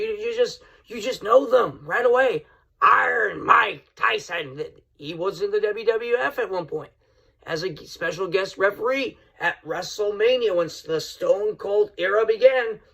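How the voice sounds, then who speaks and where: A middle-aged podcast host speaks directly to his listeners in an excitable, rambling monologue, repeatedly addressing them as folks. His voice sits high, with vocal fry.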